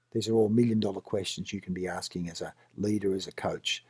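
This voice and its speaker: A lowish, husky Australian man coaching leaders, firing off question after question in a blunt, plainspoken way. The sound is dry and close, with no room around it. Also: fairly even intonation, fast talker, hardly any pauses, darkish tone, no room sound. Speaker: business coach and trainer. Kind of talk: coaching talk with role-played examples.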